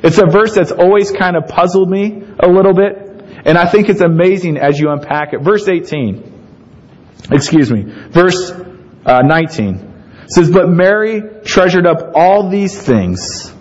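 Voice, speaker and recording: A man preaching a sermon in a conversational, animated way, with asides to the congregation. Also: high-pitched, measured pace, highs cut off. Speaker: pastor.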